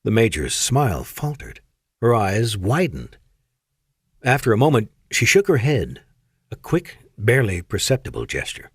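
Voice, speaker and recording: A man narrating an audiobook in an expressive storytelling manner. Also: lowish voice, moderate pace, slightly rough, dry recording, studio quality. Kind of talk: scripted narration.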